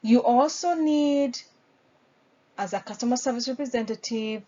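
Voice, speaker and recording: A woman's voice: fairly high pitch, normal speed, dark tone. A woman teaching customer service, explaining step by step and acting out sample greetings. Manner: explains patiently, acts out sample phone greetings. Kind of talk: instructional lecture. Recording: dull lo-fi recording.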